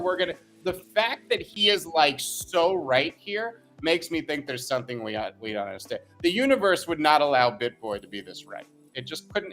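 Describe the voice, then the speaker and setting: A man co-hosting a podcast who talks in an animated, opinionated, emphatic way. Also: a little high. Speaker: co-host. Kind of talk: casual podcast chat.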